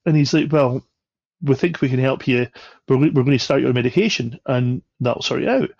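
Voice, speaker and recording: A man's voice: mid-range voice, normal speed, gravelly, no echo, highs cut off. A man, a podcast guest, telling a story casually and animatedly, acting out the voices of the people in it. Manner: animated, acts out quoted voices.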